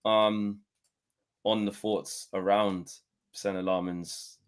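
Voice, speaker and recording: A young man co-hosting a casual football chat, relaxed and slangy. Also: fairly low pitch, slow pace, clear, resonant tone. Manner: laid-back, slangy and conversational. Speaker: co-host.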